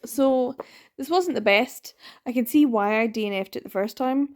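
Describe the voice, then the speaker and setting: A woman's voice: on the high side, moderate pace, darkish tone. Chatty woman vlogging her reads. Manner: chatty, rambling, laughs often, lots of ums. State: tired, yawning. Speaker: book vlogger. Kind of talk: casual reading vlog chat.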